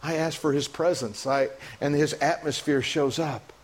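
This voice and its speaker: Pastor in church: a man with a fairly high voice, preaching with rising passion and frequent restarts. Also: fairly even intonation. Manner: impassioned, rising to high emotional peaks; halting restarts and repetitions. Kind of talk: sermon. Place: church sanctuary.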